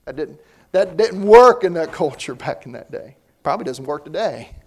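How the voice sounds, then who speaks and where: Brief: male pastor, high-pitched voice, talky sermon delivery that keeps repeating words. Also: expressive, normal speed, darkish tone. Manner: conversational preaching with frequent word repeats.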